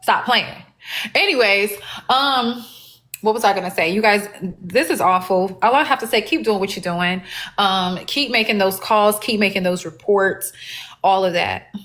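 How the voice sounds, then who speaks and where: A woman's voice: mid-range voice, moderate pace, a bit bright. A woman hosting a live stream, talking casually in a blunt, profane and aggravated way. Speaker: livestream host.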